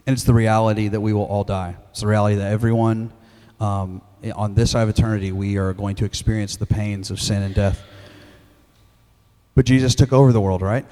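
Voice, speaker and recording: Halting pastor in a reverberant hall. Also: male voice, lowish voice, mellow. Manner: candid, halting, with many restarts and fillers. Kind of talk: sermon.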